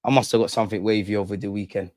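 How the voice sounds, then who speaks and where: A man's voice: fairly low pitch, steady tone, rapid-fire, darkish tone, no room sound, clean studio sound. A young man hosting a live fan stream, ranting heatedly and repeating lines for emphasis. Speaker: fan channel host.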